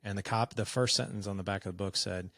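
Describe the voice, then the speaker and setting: A man's voice: on the low side, fairly even intonation, quick pace, fairly bright tone, no echo, clean studio sound. A man in his forties, a podcast guest, telling a personal story in a frank, conversational way and acting out the dialogue. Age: 40s.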